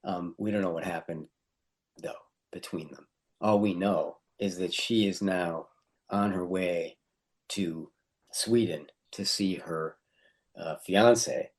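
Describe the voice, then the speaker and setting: A man co-hosting a podcast, talking over a short story in a relaxed chat and laughing often as he goes. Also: deep voice, slow. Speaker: podcast co-host. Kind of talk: casual literary discussion.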